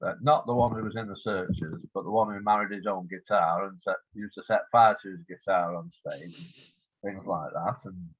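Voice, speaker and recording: A husky-voiced man in his seventies, heard over a thin, tinny phone-like line. He talks as an interview guest, rambling through an anecdote and slipping into quoted dialogue as he goes. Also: low-pitched, fairly even intonation, normal speed, no echo. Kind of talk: casual storytelling interview.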